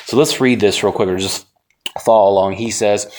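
A man's voice: on the low side, fairly even intonation, moderate pace, darkish tone. A man teaching a conversational Bible lesson, folksy and asking his class rhetorical questions.

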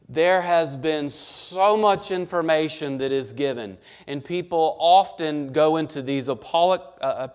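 A male pastor preaching a sermon, emphatic, with rhetorical questions and shifts between soft and loud passages. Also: on the high side.

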